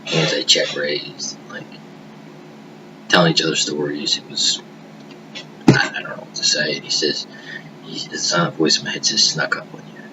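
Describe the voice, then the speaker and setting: A man with a very low voice rambles through a personal monologue, swearing freely and sinking into hushed murmurs now and then. He talks into a home webcam, and a steady hiss sits under every word. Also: moderate pace, pauses often, lo-fi sound. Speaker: vlogger. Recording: noisy hiss behind the voice.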